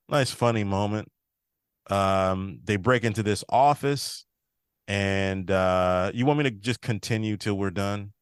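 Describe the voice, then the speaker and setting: A man's voice: lowish voice, a little slow, clean tone, no room sound, studio quality. A man hosting a podcast, casually recapping a TV episode and quoting the characters' lines as he goes. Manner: retells scenes, quoting characters in a slightly shifted voice. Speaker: podcast host.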